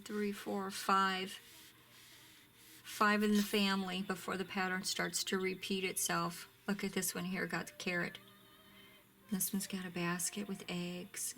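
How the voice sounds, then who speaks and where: A woman's voice: fairly low pitch, pushed and bright, a little hiss or hum. A woman casually showing off ribbons from her craft shop, chatty and gushing, often dropping to a near-whisper. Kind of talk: casual product show-and-tell.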